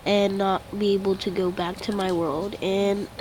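A woman giving casual commentary on her own game, excitable and quick to exclaim when startled. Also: medium pitch, a little hiss or hum, poor audio. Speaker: let's play gamer.

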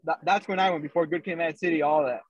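A man's voice: a little high, steady tone, fast, slightly rough, no room sound. Podcast co-host, man, rambling casual storyteller, muffled remote-call sound. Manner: loose storytelling with many fillers. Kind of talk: casual chat.

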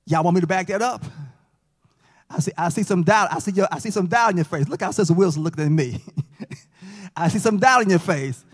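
High-voiced man teaching a church class. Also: animated, fairly quick, pauses often, breathy edge. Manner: folksy, jokes and quizzes the class. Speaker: Sabbath school teacher. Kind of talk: interactive Bible lesson. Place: church sanctuary. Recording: long church reverb.

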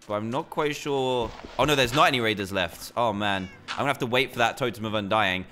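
A young British man giving excitable commentary while playing a game. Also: medium pitch, a little fast, few pauses, soft background music. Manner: excitable, animated reactions. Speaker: gaming YouTuber. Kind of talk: gameplay commentary.

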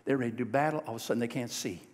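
A male preacher telling a Bible story in a sermon, lively and folksy, often asking the congregation questions. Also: mid-range voice, rapid-fire, long reverb tail. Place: church sanctuary.

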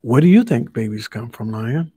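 A man's voice: medium pitch, big pitch swings, normal speed, mellow, breathy edge, no room sound. A man reading as a sensible lady elephant. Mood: questioning. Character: calm, sensible female elephant.

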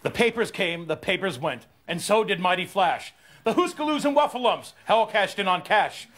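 A man's voice: sits high, animated, normal speed, a bit bright, a faint crowd. Man reciting bouncy nonsense rhymes. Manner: singsong, bouncy rhythm. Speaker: improv performer. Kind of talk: rhyming nonsense verse.

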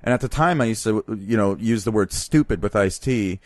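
Animated man telling comic stories. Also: lowish voice, a little fast, no room sound, studio quality. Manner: animated storyteller who slips into impressions. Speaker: comedian guest. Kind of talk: casual podcast chat.

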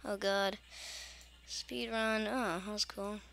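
A woman's voice: mid-range voice, fairly even intonation, takes it slowly, gravelly, fairly bright tone. A young woman casually commenting on a game as she plays it, chatty and grumbling, with mock-scared asides. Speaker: gaming channel host.

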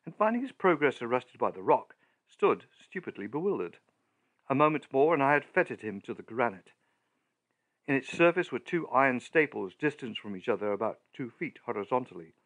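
A man narrating a horror audiobook in a measured, deliberate, storytelling manner. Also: mid-range voice, a bit bright.

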